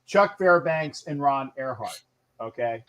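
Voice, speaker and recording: A man co-hosting a casual football podcast, talking in a wry, deliberate way with jokey asides. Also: medium pitch, animated, a crowd in the background. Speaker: podcast co-host and football analyst. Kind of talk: casual sports podcast chat.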